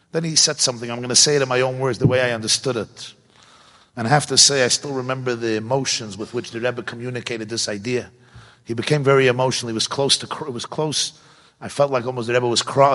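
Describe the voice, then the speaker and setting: A man teaching a Torah lesson in sermon style, animated and full of rhetorical questions. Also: medium pitch. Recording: long hall reverb.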